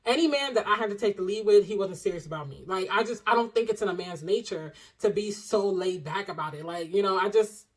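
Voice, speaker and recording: A young adult woman in a casual storytime chat to camera at home, chatty and animated, acting out quotes in different voices. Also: mid-range voice, brisk, few pauses. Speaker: vlogger. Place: home, indoors.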